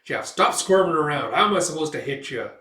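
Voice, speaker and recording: A swaggering male thug who bullies and taunts, as a man reads him aloud. He talks near a plain voice, a little louder. The sound is distant and echoey. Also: a little high, normal speed, lightly acted. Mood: taunting. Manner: taunting, bullying. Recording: roomy, distant mic.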